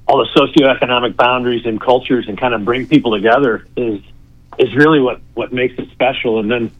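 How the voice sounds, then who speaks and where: A man reminiscing about running events at a ballpark in a casual chat. He stops and restarts often and fills his talk with fillers. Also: mid-range voice. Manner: halting, frequent restarts and fillers. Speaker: former ballpark executive. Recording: dull lo-fi sound.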